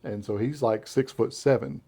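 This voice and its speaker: A man with a Southern American accent, a guest in a casual interview, telling lively stories and acting out what others said. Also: fairly low pitch, normal speed, husky. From Southern United States. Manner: animated storyteller who acts out quotes. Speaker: interview guest, beard care brand founder.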